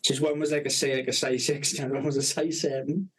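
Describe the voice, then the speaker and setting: A man's voice: mid-range voice, little pitch movement, fairly quick, husky. A man co-hosting a podcast, telling sweary, laugh-filled stories in a casual chat. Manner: sweary storytelling, laughs often. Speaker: podcast co-host.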